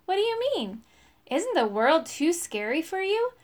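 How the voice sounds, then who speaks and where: A woman's voice: very high voice, big pitch swings, a little slow, pitched above the performer's own voice, full character voice. A woman voicing a friendly, encouraging male elf in a storybook. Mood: reassuring.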